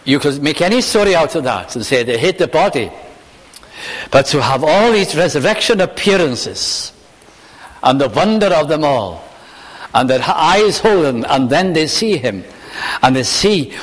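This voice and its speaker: A man's voice: fairly high pitch, very animated, a little slow. A man preaching a sermon, reading scripture in old-fashioned wording and asking the listeners questions. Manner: reads scripture in King James wording, then speaks plainly to the listeners; asks the listeners questions often. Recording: long hall reverb.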